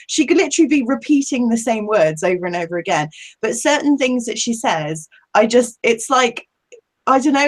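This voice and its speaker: An Englishwoman chatting casually as a live-stream guest, giggling often and rambling in a self-deprecating way. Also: a little high. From England.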